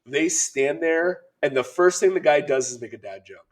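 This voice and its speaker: A middle-aged man co-hosting a podcast, telling an animated, laughing story in casual chat. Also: on the high side, moderate pace. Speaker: podcast co-host.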